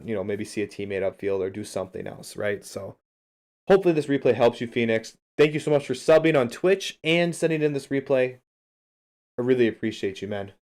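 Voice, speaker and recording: A man's voice: on the low side, darkish tone. A man casually talking through a game replay on a livestream, chatting straight to his viewers and answering their messages in an upbeat, encouraging way. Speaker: streamer and game coach.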